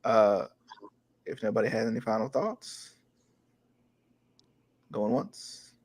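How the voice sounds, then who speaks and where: A man hosting a casual wrestling podcast, laid-back and hesitant, filling pauses with "uh". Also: fairly low pitch, a little mellow, husky, dry recording. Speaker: podcast host.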